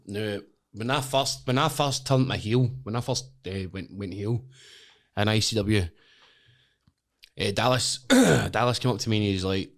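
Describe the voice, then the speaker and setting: A man's voice: on the low side, a little slow. A Scottish man, a wrestler guest on a podcast, telling stories in casual chat, swearing a lot and laughing through them.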